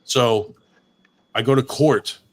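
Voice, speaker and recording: Speaking slowly in a mid-range voice, this podcast co-host spins prank stories during a casual chat, cursing freely and breaking into laughter throughout. A faint hiss or hum sits under the recording.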